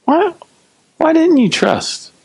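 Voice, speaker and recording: A man preaching voices a calm, unhurried Jesus who asks pointed questions. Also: mid-range voice, no echo. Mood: questioning. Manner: relaxed, unhurried, lightly teasing. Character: calm unbothered Jesus, grown man, trusting.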